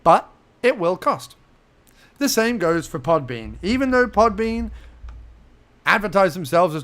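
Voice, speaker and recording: A man's voice: high voice, sing-song, unhurried, pauses often, fairly bright tone. Chatty, playful man walking through a tutorial. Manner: chatty, playful, talks to himself while clicking. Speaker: podcast host giving a tutorial. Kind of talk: casual screen-recorded tutorial.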